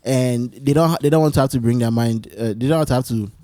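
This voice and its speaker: A man hosting his own solo talk show, rambling and animated as he tells stories, often restarting his sentences. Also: medium pitch, fast, no echo. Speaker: podcast host. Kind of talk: casual solo chat.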